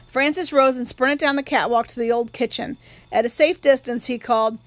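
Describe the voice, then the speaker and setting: High-voiced woman narrating a storybook. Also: fairly even intonation, moderate pace, dry recording. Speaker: audiobook reader. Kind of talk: first-person literary narration. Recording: dry, close studio read.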